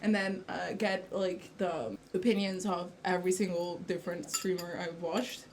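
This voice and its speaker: A woman's voice: lowish voice, fairly even intonation, moderate pace, slight background noise. Chatty woman co-host. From Italy. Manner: chatty, with frequent fillers and self-corrections. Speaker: podcast co-host. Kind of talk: casual chat.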